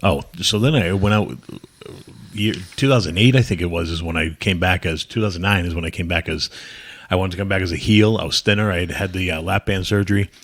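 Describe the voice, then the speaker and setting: A low-pitched man from New England recounts his old wrestling days as a podcast guest. He rambles through blunt, profane anecdotes, jumping into other people's lines as he goes. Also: fairly quick. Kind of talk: casual storytelling interview.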